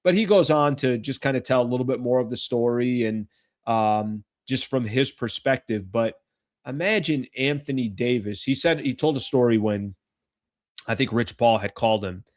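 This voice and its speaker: A man hosting a sports talk show, speaking at a medium pitch. He talks in a loose, chatty way, thinking aloud and catching himself mid-sentence before steering back to the point. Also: moderate pace. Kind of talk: casual basketball commentary.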